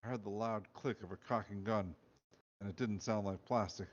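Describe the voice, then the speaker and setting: A man's voice: on the low side, steady tone, moderate pace. A man reading his own comic book aloud and chatting on a podcast, jokey and self-amused. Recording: dull lo-fi recording.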